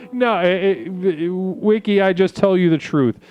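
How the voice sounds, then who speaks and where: A man's voice: high-pitched, animated, a little slow, highs cut off, faint music behind. A man hosting a comedic call-in show, eager and fawning, stammering as he praises his caller. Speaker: host.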